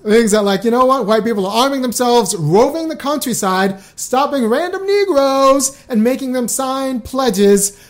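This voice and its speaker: A woman's voice: sits high, moderate pace, few pauses. A middle-aged woman hosting a casual commentary show, talking wryly and reading out old letters. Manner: conversational, wry, speeds up when emphatic.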